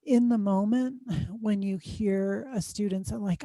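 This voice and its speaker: A woman's voice: mid-range voice, takes it slowly, hardly any pauses, warm tone, no room sound. A woman speaking as a guest expert in an interview, explaining advice conversationally with frequent "um" fillers. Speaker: guest expert on student success.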